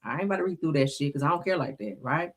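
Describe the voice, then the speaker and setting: A woman's voice: deep voice, lively intonation, racing, a little hiss or hum. A woman hosting a casual live-stream gossip commentary, talking in a dramatic, profane, chatty way.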